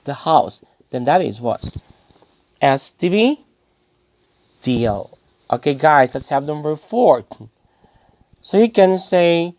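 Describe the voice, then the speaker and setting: Slow, deliberate male grammar teacher. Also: a little high, big pitch swings, a little mellow. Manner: asks rhetorical questions and answers them himself; addresses listeners as guys, repeats key phrases. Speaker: English teacher. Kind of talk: grammar lesson to a class.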